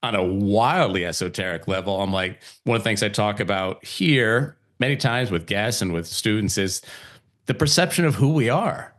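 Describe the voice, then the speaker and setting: A man's voice: on the low side, normal speed. Laid-back man hosting a spiritual podcast. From Italian heritage. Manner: relaxed, laughs often, acts out quoted voices. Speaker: podcast host. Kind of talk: casual spiritual conversation.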